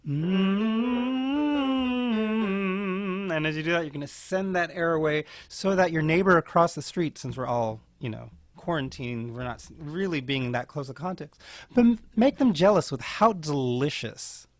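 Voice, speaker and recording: A man teaching an online beginning singing class, guiding breathing and posture and demonstrating vocal warm-ups in a playful, encouraging way. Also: on the high side, animated, moderate pace. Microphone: home video call mic. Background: keyboard accompaniment.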